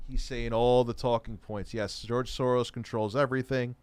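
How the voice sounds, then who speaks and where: A man's voice: medium pitch, little pitch movement, normal speed, clean tone, no room sound. Sarcastic man ranting over clips, dry sound. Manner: sarcastic, exasperated, swears freely. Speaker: host. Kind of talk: casual commentary reacting to clips.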